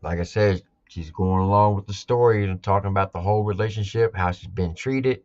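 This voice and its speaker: A man's voice: on the low side, fairly quick, a little mellow, dry recording, lo-fi sound. A man hosting a live album reaction, talking casually and emphatically and repeating his points.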